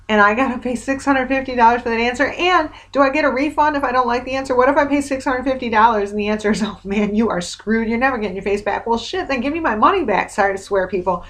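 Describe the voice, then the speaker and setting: A woman's voice: on the high side, fast talker, fairly bright tone. Exasperated woman venting in a video diary. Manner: exasperated, rambling, wry. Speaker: vlogger.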